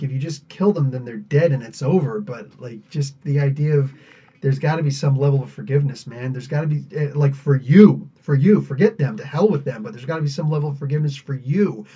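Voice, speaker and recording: The dull, lo-fi recording captures a US podcast host with a fairly high, dark voice that has a breathy edge. He laughs frequently while chatting in a rambling, casual live Q&A.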